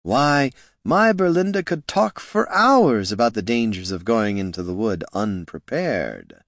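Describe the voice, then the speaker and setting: A greedy barkeep with a folksy sales pitch, as a man puts him on. His voice lifts higher and brighter than the reader's own. A dry audiobook sound. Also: big pitch swings, unhurried, no echo, exaggerated voice. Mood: wheedling. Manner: folksy, wheedling salesman talk. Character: scheming, oily male tavern keeper.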